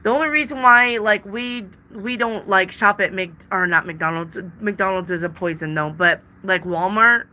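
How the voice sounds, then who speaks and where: A woman of medium pitch reads tarot for live-stream viewers, speaking at a moderate pace with few pauses in a bright, forceful tone. She reads their questions aloud and answers emphatically, repeating words for stress in casual chat.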